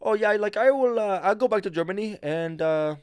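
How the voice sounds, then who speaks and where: A man's voice: high voice, animated, fairly quick, a little mellow, smooth, no echo, pitched above the performer's own voice. A man mimicking a boastful young German rower. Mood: carefree.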